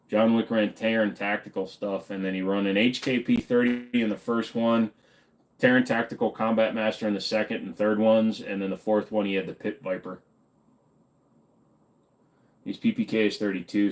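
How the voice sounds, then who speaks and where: A man hosting a casual livestream, reading chat questions aloud and answering them in an offhand, joking way. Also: fairly low pitch. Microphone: desk microphone.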